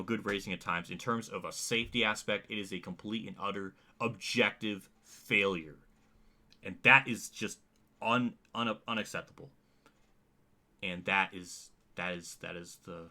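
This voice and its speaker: Male host, exasperated profane vlog rant, somewhat low and very bright. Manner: exasperated, profane, halting restarts. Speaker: racing channel host. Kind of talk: angry rant to camera.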